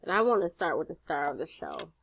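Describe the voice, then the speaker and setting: A woman's voice: on the low side, expressive, a little fast, husky. A woman with a grandson, sassy and chatty, walks viewers step by step through a craft tutorial and swears casually. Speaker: jewelry-making instructor.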